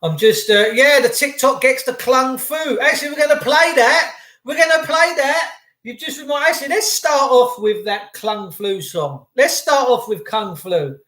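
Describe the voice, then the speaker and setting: A high-voiced man chats loosely to his livestream viewers, greeting them by name and wandering from topic to topic. His voice rings around an echoey room. The talk stays casual and rambling throughout. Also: moderate pace, pushed and bright. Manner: chatty, rambling banter with viewers. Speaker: livestream host.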